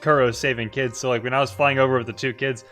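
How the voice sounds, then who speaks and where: A man playing a tabletop game describes his character's actions in a lively, animated way, often breaking into laughter. His voice sits in a middle pitch. Faint music runs in the background. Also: quick pace. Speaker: player.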